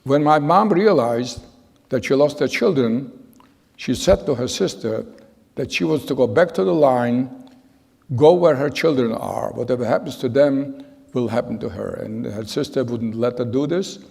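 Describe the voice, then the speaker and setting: A man in his nineties giving spoken testimony to an audience in a large hall, telling his story in a halting, earnest way with repeated phrases. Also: mid-range voice, gravelly, a little mellow. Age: 90s. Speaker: Holocaust survivor giving testimony. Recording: long reverb of a large hall.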